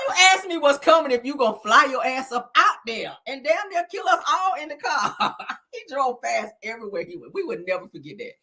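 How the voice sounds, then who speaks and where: A woman hosting a casual celebrity news show, animated and laughing, calling listeners honey and child. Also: sits high, a little fast. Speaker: host.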